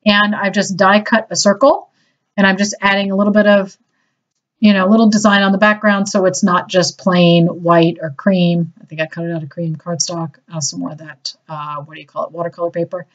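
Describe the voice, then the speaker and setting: A woman's voice: fairly low pitch, flat delivery, a little fast. A woman chatting enthusiastically through a casual craft tutorial, a little self-deprecating. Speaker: crafting demonstrator. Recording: slightly dull lo-fi audio.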